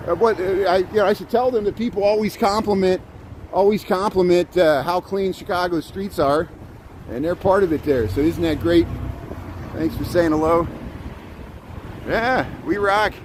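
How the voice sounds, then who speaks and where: A middle-aged male vlogger walks outdoors through wet snow while chatting casually with his livestream viewers, faint traffic humming in the background. His voice sits a touch high for a man and his pace is normal. He rambles, chuckles often and greets people by name.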